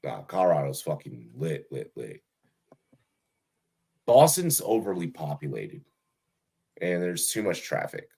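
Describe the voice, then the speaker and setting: A young man with a very low voice hosts a casual podcast over a call. He rambles with constant fillers and false starts and swears freely. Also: big pitch swings, a little slow, gravelly, pauses often, mellow, husky. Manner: rambling, many fillers and restarts. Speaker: fantasy football show host. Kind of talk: casual profane podcast chat.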